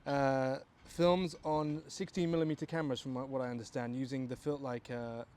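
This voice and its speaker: A man's voice: medium pitch, level tone, moderate pace, background noise. An English man with a posh accent, a filmmaker musing in a rambling, self-mocking vlog monologue recorded outdoors. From England. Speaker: filmmaker, vlogger.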